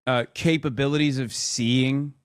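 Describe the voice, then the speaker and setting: A man's voice: mid-range voice, steady tone, a little slow, clean tone, dry recording, clean studio sound. Sarcastic man commenting live on news. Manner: sarcastic, swears, reacts loudly. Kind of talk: casual live-stream commentary.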